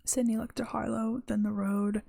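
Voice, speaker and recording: A tired woman who streams and writes reads her own story aloud in a rough, unpolished way, stopping to correct herself. Her voice sits on the high side with a flat, creaky, dark quality at a normal speed. The recording is dry.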